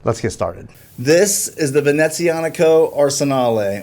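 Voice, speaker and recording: A man's voice: a little high, lively intonation, a little slow, a little mellow. A man hosting a watch review, narrating in a scripted, earnest and admiring way. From United States.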